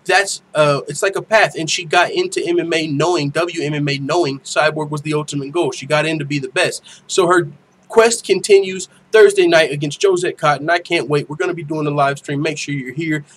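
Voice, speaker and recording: A man's voice: a little high, fairly even intonation, a little fast, fairly bright tone, a little hiss or hum. A man hosting an MMA podcast in loose, slangy casual chat, laughing often. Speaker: podcast host.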